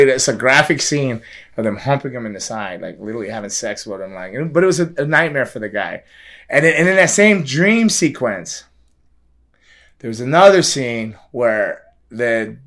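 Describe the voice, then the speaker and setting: A man's voice: mid-range voice, animated, moderate pace, fairly bright tone. A man telling a long, rambling story in casual conversation, often repeating words and laughing. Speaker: guest telling a film extra story.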